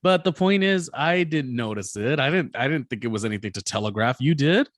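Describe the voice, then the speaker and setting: A man hosting a casual recap podcast, rambling and hesitant, filling pauses with lots of ums. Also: medium pitch, expressive, no room sound, clean studio sound. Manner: rambling, hesitant with many fillers. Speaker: podcast host.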